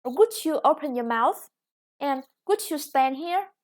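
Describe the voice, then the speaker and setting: A woman's voice: high voice, lively intonation, a little slow. A woman with a Vietnamese accent teaching an online English lesson, explaining step by step with frequent "yeah" and "okay".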